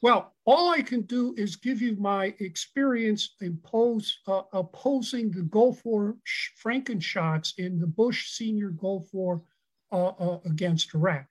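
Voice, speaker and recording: A man answering as an expert guest in an interview, halting with many fillers but emphatic. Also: high-pitched, rough recording. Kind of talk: interview answers over a call.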